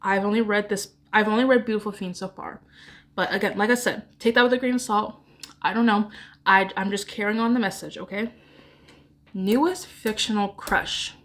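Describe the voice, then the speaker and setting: A woman's voice: mid-range voice, steady tone, moderate pace, a bit bright. Rambling, giggly woman book vlogger. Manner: rambling, self-deprecating, giggly. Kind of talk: casual chat.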